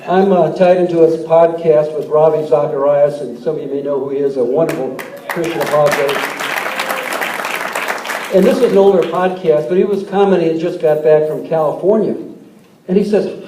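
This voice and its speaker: A man's voice: fairly high pitch, moderate pace. A man in his sixties giving a folksy, joke-filled political speech to an audience in a large hall. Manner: folksy, tells jokes, repeats words. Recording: echoey hall, distant mic, crowd noise.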